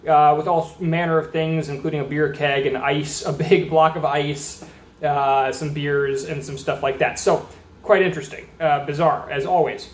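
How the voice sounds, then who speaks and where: A man from Austin, Texas, with a voice on the high side, reviews beer at a table indoors, chatting casually at normal speed in a steady tone. The channel host rambles and reads labels aloud, and the recording has a roomy echo.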